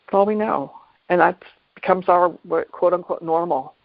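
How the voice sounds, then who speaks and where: A man hosting a reflective solo talk on mindfulness, unhurried and thoughtful, often pausing and restarting his phrases. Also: high voice, creaky, dry recording. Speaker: podcast host. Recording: dull lo-fi dry recording.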